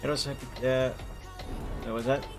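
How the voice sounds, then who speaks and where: A young man with a foreign accent, chatting casually and rambling while he streams a driving game, over loud background music. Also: medium pitch, level tone, takes it slowly. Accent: foreign accent in English. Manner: chatty, rambling, self-correcting. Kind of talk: casual live-stream chat while playing. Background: lofi music and truck engine.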